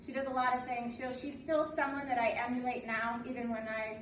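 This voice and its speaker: A woman's voice: a little high, flat delivery, a little fast, a bit bright. A woman in her late thirties, a military officer giving a candid, joking speech at her promotion ceremony and laughing often. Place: indoor room at a ceremony. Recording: echoey room, distant mic, noisy background.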